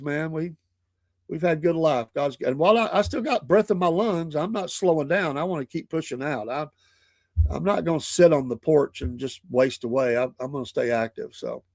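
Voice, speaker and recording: A man's voice: fairly high pitch, creaky, darkish tone, no room sound, studio quality. Older man, folksy chuckling host. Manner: folksy, chuckling, rambling storyteller. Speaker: morning show host. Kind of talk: casual podcast chat.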